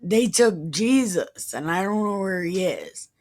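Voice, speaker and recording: A woman's voice: fairly low pitch, animated, measured pace, a little mellow. A woman reading as Mary, grieving and pleading.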